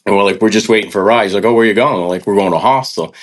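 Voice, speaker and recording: A man's voice: on the low side, racing. A man casually telling a long hiking story on a podcast, acting out the people he quotes. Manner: animated, acts out quoted people. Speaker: hiker guest on a podcast.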